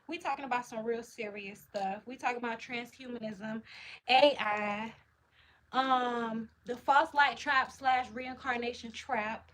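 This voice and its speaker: A woman's voice: a little high, steady tone, measured pace, a bit bright, slight background noise. A woman hosting a livestream, chatting in a hyped, slangy, casual way while answering comments. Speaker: livestream host.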